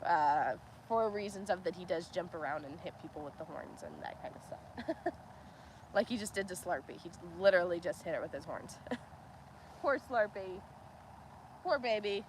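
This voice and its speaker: A woman's voice: fairly low pitch, expressive, normal speed, long pauses, a little hiss or hum, poor audio. A woman hosting a casual farm livestream outdoors by a cow pen, chatting, laughing often and cooing at the animals, with her camera on a tripod. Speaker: homestead livestream host.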